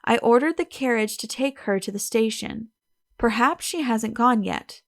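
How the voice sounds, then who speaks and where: A woman's voice: on the high side, moderate pace, vocal fry, no echo, studio quality. A woman voicing a flustered, protesting older lady of the house, in an audiobook.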